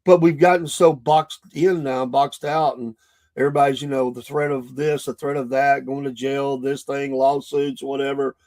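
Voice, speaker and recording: A man's voice: mid-range voice, level tone, moderate pace, darkish tone. A middle-aged man with a Southern US accent, hosting a podcast and telling stories in a folksy, rambling monologue full of restarts. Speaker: podcast host. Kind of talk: casual monologue.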